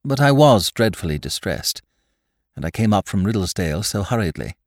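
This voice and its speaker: A man voicing a distraught young aristocratic woman in an audiobook, pleading in high, near-hysterical cries. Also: big pitch swings, normal speed, no room sound, studio quality. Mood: composed. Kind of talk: audiobook character voice.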